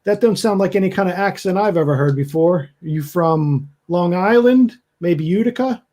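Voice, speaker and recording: A man's voice: sits high, moderate pace, dark tone, voice pushed up, close to an everyday voice. A man doing a boisterous jovial ballplayer. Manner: hearty, teasing. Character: boisterous jovial male ballplayer, hearty and pushy.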